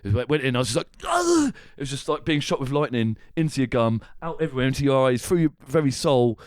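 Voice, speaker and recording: A man's voice: mid-range voice, fast, darkish tone, clean tone, no room sound, studio quality. A man hosting a podcast, telling a story in casual chat, laughing often and swearing. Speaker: podcast host.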